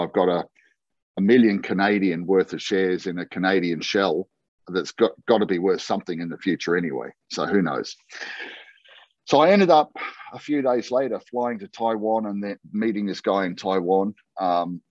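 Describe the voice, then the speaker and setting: An Australian man, a guest in an interview, telling a long story in a lively, conversational way and acting out the dialogue. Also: low voice, dry recording. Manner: animated anecdote-telling, acting out quoted dialogue. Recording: dull, lo-fi and dry.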